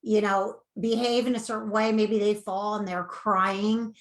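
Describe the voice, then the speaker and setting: A woman coach giving earnest, animated advice in a conversational interview. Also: medium pitch, unhurried. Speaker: weight-loss coach.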